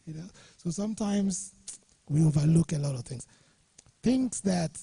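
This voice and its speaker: A middle-aged Ghanaian guest speaker shares jovial anecdotes with a workshop audience in a studio or workshop room, chuckling often. His voice sits on the high side, expressive and slow, mellow and slightly rough with vocal fry. The recording is dry.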